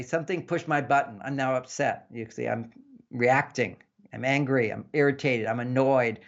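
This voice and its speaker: A man, a relationship author, explaining in an interview in an animated way and acting out couples' dialogue. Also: medium pitch. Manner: animated, acts out couples' dialogue in varied voices. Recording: dull lo-fi sound.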